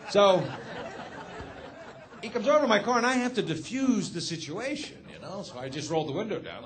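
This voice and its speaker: A man doing a stand-up comedy set, telling a story in a deadpan, sardonic way. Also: high voice, quick pace, some chatter behind, slight background noise.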